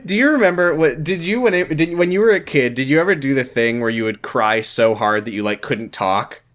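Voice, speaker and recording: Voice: medium pitch, expressive, a little fast. A young podcast co-host reading fan fiction aloud and joking through it with frequent laughter. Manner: laughing, breaks into voices. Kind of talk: comedic reading and banter.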